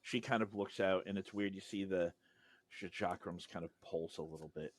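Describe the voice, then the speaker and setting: A man's voice: low-pitched, moderate pace. A man narrating a tabletop game as game master, in vivid, rambling descriptions full of fillers.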